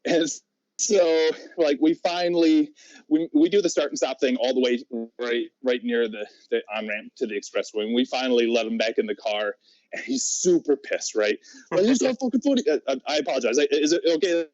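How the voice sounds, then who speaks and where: A man's voice: mid-range voice, normal speed, a little mellow, no room sound. A man guesting on a podcast, telling a long story in a rambling way, laughing often and restarting his sentences. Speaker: guest, pro wrestler. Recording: slightly muffled audio.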